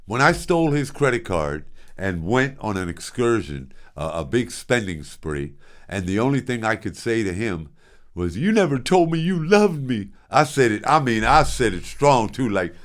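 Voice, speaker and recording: An older man in his sixties, with a fairly low voice, spins a long personal yarn in an easy, conversational way. He jumps between quiet asides and loud bursts, often restarting his sentences as he goes. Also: normal speed. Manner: animated, big swings in loudness, frequent restarts. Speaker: show host. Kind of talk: casual storytelling.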